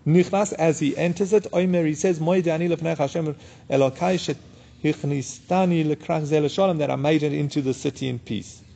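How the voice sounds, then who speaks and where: A man teaches a daily Talmud class, reading each Aramaic line and then unpacking it in plain English. He talks in a casual, unhurried way with plenty of fillers. His voice is slightly high for a man, with a dark, mellow color and a gravelly, husky texture. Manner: reads Aramaic text, then explains it in English. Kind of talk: daf yomi Talmud class.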